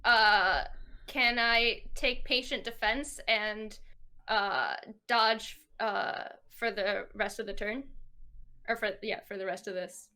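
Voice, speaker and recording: A woman playing a tabletop game, talking in a halting, self-deprecating way and stumbling over her numbers. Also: medium pitch, steady tone, sharp tone, clean tone. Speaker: player. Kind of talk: casual tabletop game play.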